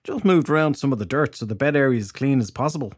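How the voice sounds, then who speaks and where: A man's voice: medium pitch, lively intonation, fast, no echo, voice pushed up, natural voice. A man voicing a dry, sarcastic fairy detective in an audiobook. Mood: sardonic. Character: sardonic fairy detective man, gruff, secretive.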